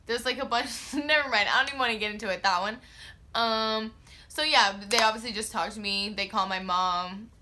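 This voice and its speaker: Bright-voiced young woman telling a story. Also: on the high side, brisk. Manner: slangy and profane, lots of filler "like"; expressive, acts out her own quotes. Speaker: vlogger. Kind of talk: casual storytime.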